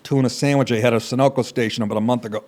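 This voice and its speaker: A man's voice: mid-range voice, steady tone, very fast, darkish tone. A man hosting a talk show, ranting sarcastically and crudely over political clips.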